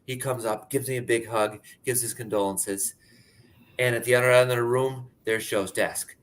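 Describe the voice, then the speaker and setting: A man's voice: medium pitch, steady tone, normal speed. A man in his thirties from Pennsylvania, telling his personal story in a candid, conversational way, often saying "like". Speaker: speaker sharing his story.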